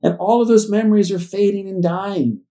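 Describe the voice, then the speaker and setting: A man in his forties co-hosts a casual podcast, reflecting wistfully and wandering and restarting as he thinks aloud. His voice is high-pitched and dark-toned, with fairly even intonation and a normal pace.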